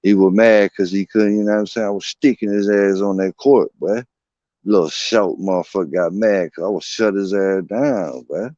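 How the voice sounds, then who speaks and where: A man's voice: lowish voice, normal speed, mellow, no room sound. A man streaming from home, telling a long, rambling story in casual, slangy, profane talk. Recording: dull, dry lo-fi stream audio.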